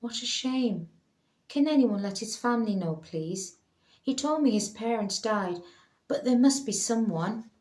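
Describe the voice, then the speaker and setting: A woman's voice: fairly high pitch, animated, measured pace, a little mellow, pitched above the performer's own voice. Woman doing an earnest, worried young woman. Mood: anxious. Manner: concerned, earnest. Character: caring young woman student, anxious. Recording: roomy echo.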